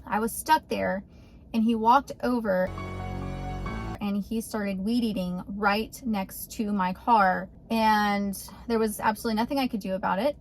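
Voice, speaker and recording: A woman's voice: mid-range voice, slight background noise. A woman, vlogging casually and with exasperation outdoors beside her car. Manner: chatty, exasperated. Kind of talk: casual vlog.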